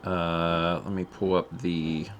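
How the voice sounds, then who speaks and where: A man's voice: deep voice, little pitch movement, takes it slowly, background noise. A man chatting casually on a game stream, rambling and amused, with frequent fillers and asides.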